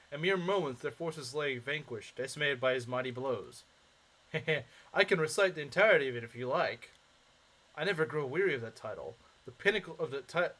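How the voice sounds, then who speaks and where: A man's voice: medium pitch, fairly bright tone, rough recording. A man voicing a noble, devoted young male prince with formal, courtly phrasing, reading game dialogue aloud.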